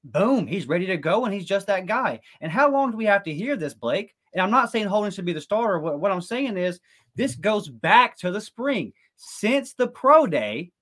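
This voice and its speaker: A man co-hosting a sports talk show, making his case in an earnest, argumentative way with quick bursts of speech. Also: high voice, big pitch swings, a bit bright. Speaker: podcast co-host.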